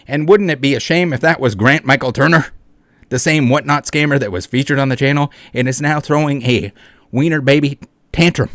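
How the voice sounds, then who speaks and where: A man's voice: medium pitch, a bit bright, dry recording, studio quality. A man hosting a casual commentary video, reading comments and a news article aloud with sarcastic, mocking asides and frequent swearing. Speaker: YouTube commentator.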